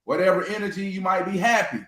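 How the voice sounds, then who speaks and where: A man's voice: sits high, fast talker, pushed and bright. A man in casual conversation, talking emphatically and often asking "you hear me?". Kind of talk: casual chat. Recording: echoey room.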